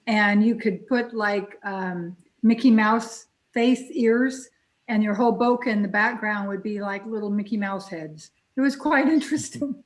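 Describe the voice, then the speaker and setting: A woman tells a short story in a casual group discussion over a video call. She speaks haltingly and restarts her sentences, at a middle pitch.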